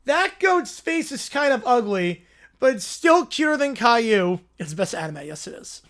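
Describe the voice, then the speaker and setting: High-voiced man hosting a livestream. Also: big pitch swings, moderate pace, fairly bright tone. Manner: sarcastic, amused, reading prompts aloud. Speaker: livestream host. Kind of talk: casual livestream reaction chat.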